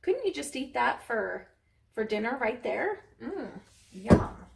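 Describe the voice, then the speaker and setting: A woman's voice: on the high side, big pitch swings, a little slow, creaky, recorded from a distance, slight background noise. A woman hosting a home cooking vlog, talking casually and rambling with lots of ums as she works in her kitchen. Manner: chatty, rambling, many ums. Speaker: cooking channel host. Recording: echoey room, voice away from mic.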